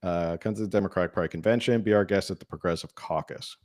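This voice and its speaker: A man's voice: low voice, fast, a little mellow, no room sound, studio quality. A man hosting a casual political talk show, reading news articles aloud and adding his own asides. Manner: conversational, reads articles with asides and filler hums. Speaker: podcast host.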